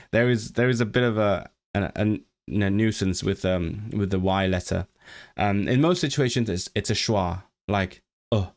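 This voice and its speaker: A man's voice: lowish voice, a little mellow. A man whose first language is Cantonese, hosting a casual livestream chat, rambling with many restarts and reading chat messages aloud. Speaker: livestream host.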